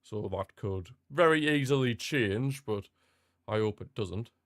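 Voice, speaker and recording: A young man hosting a live football watchalong, chatting casually and repeating himself, with sudden bursts of excitement. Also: on the low side, measured pace, no echo, studio quality. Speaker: watchalong host. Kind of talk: casual live match commentary.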